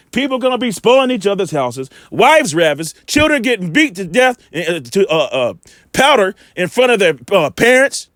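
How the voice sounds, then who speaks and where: A man giving informal scripture commentary, emphatic and colloquial, slowing right down when he reads verses aloud. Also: high-pitched, a bit bright, no echo, studio quality. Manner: emphatic, colloquial, drawn-out slow scripture reading. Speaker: preacher commenting on video clips.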